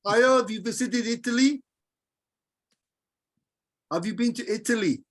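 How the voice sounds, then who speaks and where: Patient man teaching a small group. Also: very high voice. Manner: patient, jokey, repeats verses slowly. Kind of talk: casual group lesson.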